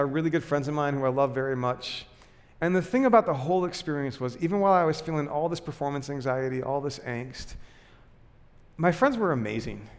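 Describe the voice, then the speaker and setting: A pastor tells stories from the pulpit in a loose, chatty manner, stumbling over restarts and laughing at himself. His voice sits a little high for a man. The sound carries a long church-hall reverb. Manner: conversational, self-deprecating, many fillers and restarts. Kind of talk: sermon with personal storytelling.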